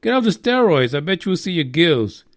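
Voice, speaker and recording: A man's voice: a little high, fairly quick, no room sound, clean studio sound. Joking, foul-mouthed podcast host, a man. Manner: profane, joking, animated. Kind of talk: casual live podcast chat.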